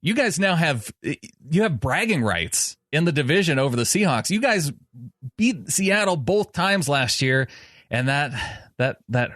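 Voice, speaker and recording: Man, podcast host, casual sports chat, halting restarts, dry close sound. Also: on the high side, very animated, a bit bright, no room sound. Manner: halting, restarts often, self-deprecating.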